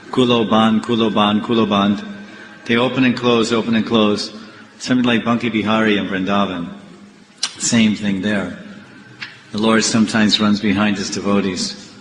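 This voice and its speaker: A swami giving a devotional class, telling temple stories and acting out the characters' voices. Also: male voice, lowish voice. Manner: animated storyteller acting out the characters' lines. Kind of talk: devotional storytelling lecture. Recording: echoey hall with faint noise.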